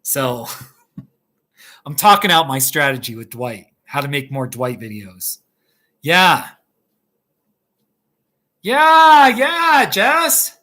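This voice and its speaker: A man's voice: mid-range voice, animated, unhurried, pauses often, sharp tone. A man hosting a casual live stream from his home kitchen, rambling and laughing often as he chats with viewers. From United States. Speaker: YouTube host.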